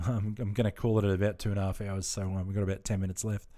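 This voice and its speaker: A man's voice: lowish voice, little pitch movement, racing, dark tone. A laid-back Australian man chatting casually with viewers during a game stream, rambling and friendly with lots of fillers. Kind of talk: casual live-stream chat.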